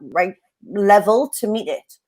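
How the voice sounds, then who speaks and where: A woman's voice: mid-range voice, animated, slow pace, a little mellow. A woman co-hosting a casual livestream, chatty and bubbly, laughing often as she reads out viewer comments. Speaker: co-host of a mindset livestream.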